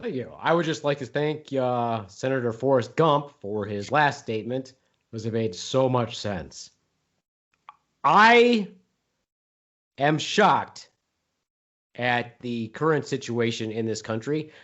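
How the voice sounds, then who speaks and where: A man's voice: medium pitch, moderate pace, natural voice. A man doing a ranting, foul-mouthed mock president. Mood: sarcastic. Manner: ranting, mocking and profane. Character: blustering, insulting mock president. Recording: dull lo-fi podcast audio.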